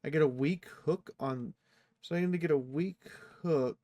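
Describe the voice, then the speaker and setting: A man streaming a strategy game, reading the event text aloud and reacting playfully, jumping into sudden high squeals. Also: moderate pace, vocal fry, a little mellow, faint music behind. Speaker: let's play streamer.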